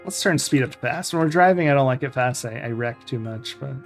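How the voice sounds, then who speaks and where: A retro-game streamer chatting casually through a live playthrough, mid-pitched and relaxed. The streamer reads the game's text aloud and drops in offhand reactions, while faint game music plays in the background. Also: brisk. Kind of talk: live let's-play commentary.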